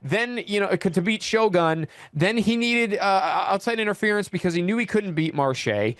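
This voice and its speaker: A man's voice: high voice, animated, normal speed, dry recording, clean studio sound. A man guesting on a podcast, ranting angrily and profanely in a heated, repetitive way. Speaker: wrestling champion guest.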